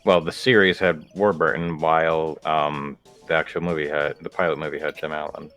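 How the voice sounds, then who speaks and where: A man chatting casually with fellow voice actors, relaxed and agreeable with some halting restarts. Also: a bass voice, faint music behind. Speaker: voice actor in group chat. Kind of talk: casual chat.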